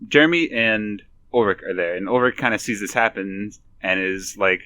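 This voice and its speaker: A man co-hosting a podcast, chatting in a relaxed, knowing way as a fan of the show. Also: lowish voice, moderate pace, no echo. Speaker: podcast co-host. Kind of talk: casual podcast discussion.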